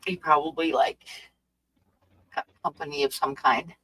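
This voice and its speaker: A woman hosting a livestream, chatting upbeat and casual, reading chat and tossing in quick agreements. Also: sits low, bright, forceful tone, rough recording. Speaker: livestream host.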